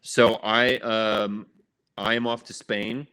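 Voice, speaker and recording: A man hosting a casual interview over a video call, talking in a halting, thoughtful way with plenty of fillers. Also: lowish voice, flat delivery, bright, forceful tone, clear, resonant tone. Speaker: show host.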